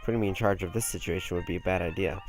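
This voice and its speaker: Deep-voiced man, offhand game commentary. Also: fairly even intonation, rapid-fire, soft background music. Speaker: let's play host. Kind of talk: casual gameplay commentary.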